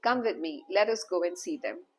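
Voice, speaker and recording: A woman voicing a queen mother who soothes and hurries to cover things up, in a husky voice. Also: on the low side, expressive, moderate pace, darkish tone, rough recording. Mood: motherly.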